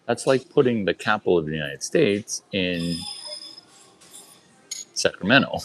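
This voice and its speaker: A man telling a casual story to a group in quick bursts, repeating lines and firing rhetorical questions at his listeners. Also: deep voice, expressive, a bit bright, faint music behind, rough recording.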